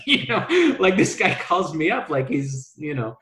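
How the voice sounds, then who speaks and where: A man's voice: medium pitch, lively intonation, normal speed, sharp tone, roomy sound, low-quality recording. A man telling stories from his work in a casual interview. He rambles, restarts often, says "like" a lot and acts out the voices of people in his stories. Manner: rambling, many restarts and "like" fillers. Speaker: travel business owner telling his story.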